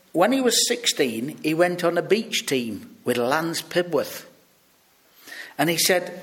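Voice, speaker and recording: A British man preaching a sermon, telling stories and acting out the people he quotes. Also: mid-range voice. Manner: storytelling, lively, acts out quoted voices.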